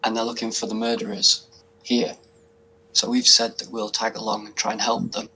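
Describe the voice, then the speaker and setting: A man's voice: fairly low pitch, completely flat delivery, normal speed, bright, forceful tone, a little hiss or hum, poor audio. A man playing a tabletop game, talking hesitantly and unsure. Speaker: player. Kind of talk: casual tabletop game play.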